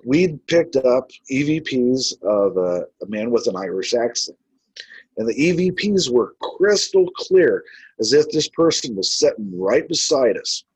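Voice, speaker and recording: A man's voice: mid-range voice, very animated, unhurried, slightly rough, no echo, rough recording. A man who investigates the paranormal, telling his stories in a casual, rambling way with many filler words. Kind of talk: casual storytelling.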